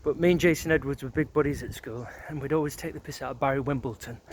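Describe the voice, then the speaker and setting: Strolling through a neighbourhood outdoors, a middle-aged man vlogs at a quick pace in a medium-pitched voice, with a bit of background noise. His reminiscing is loose and rambling, peppered with fillers and offhand curses.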